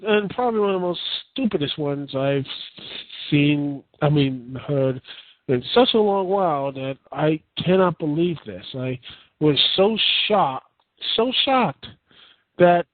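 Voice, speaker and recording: A man's voice: a little high, no echo. A man giving a casual, rambling rant as a wrestling reviewer, incredulous and full of restarts. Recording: tinny phone-like sound.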